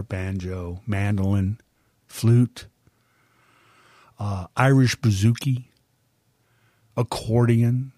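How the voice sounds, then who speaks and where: An older man hosting a music show, introducing songs in an unhurried, folksy, chatty way. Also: medium pitch, dry recording, studio quality. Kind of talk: casual spoken introduction of music.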